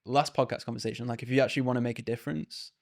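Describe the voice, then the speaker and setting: A man hosts a casual podcast, talking quickly in a relaxed, easygoing way. He keeps dropping "like" into his sentences as he follows up on his guest. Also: mid-range voice. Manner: laid-back, leans heavily on "like". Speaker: podcast host.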